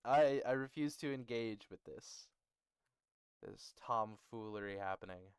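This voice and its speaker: A man's voice: on the low side, a little slow, clear, resonant tone, no room sound. A male streamer, close to his mic, casually explaining how to build a language to his chat and joking with them. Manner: jokey, bantering with chat, laughs often. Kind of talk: casual livestream teaching about building a language.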